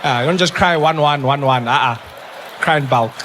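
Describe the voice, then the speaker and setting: A young man with a South African accent performing a stand-up comedy routine, telling stories and acting out bits with animated voices. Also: mid-range voice, brisk, slight background noise. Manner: animated storytelling with acted-out voices. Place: live comedy venue with audience.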